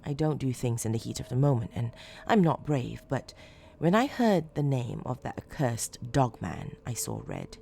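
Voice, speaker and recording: A woman's voice: a bass voice, very animated, normal speed, creaky, dark tone, slight background noise. Woman narrating a horror story. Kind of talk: scripted narration.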